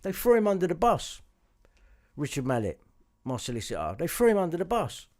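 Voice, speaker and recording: A man's voice: on the high side, huge pitch swings, fairly quick, darkish tone. A man talking to his viewers, agitated and profane, circling back and repeating himself. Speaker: vlogger. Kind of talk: angry monologue to camera.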